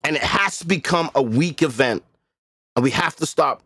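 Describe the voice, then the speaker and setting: A man's voice: on the high side, normal speed, a bit bright, slightly rough, dry recording, clean studio sound. A man hosting a livestream, talking casually and bluntly with profanity and emphatic repetition. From Boston area. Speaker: livestream host.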